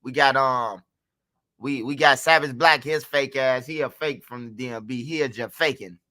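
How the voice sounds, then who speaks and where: A man's voice: mid-range voice, moderate pace, bright, forceful tone. A man hosting a livestream, telling a story and talking straight to his chat in a loose, profane way. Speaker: livestream host. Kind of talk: casual livestream commentary.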